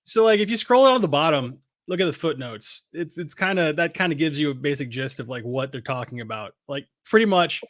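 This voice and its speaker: A man co-hosts a relaxed podcast chat in a slightly high voice. He talks haltingly, stumbling over repeated words and laughing often. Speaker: podcast co-host. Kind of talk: casual chat.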